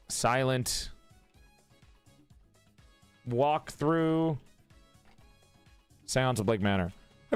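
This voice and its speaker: A man's voice: medium pitch, smooth, no room sound. A male live streamer in casual chat who laughs, swears, greets his viewers and keeps repeating one line to practice an accent.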